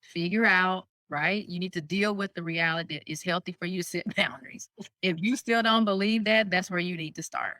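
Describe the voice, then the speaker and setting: Woman coach on a podcast, bright punchy voice, laughs a lot, dry close sound. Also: on the low side, a little fast, no echo. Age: adult parent of a young child. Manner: animated, laughs often, acts out quoted speech. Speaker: co-host and coach. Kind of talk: casual podcast chat.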